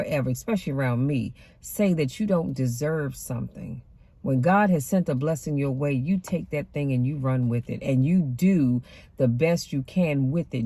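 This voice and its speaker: A woman's voice: low voice, dark tone, husky, dry recording. Emphatic woman preaching from her car. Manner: emphatic and conversational, with a sassy edge. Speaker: deacon and motivational vlogger. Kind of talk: casual motivational talk with a preaching flavor. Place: inside a car.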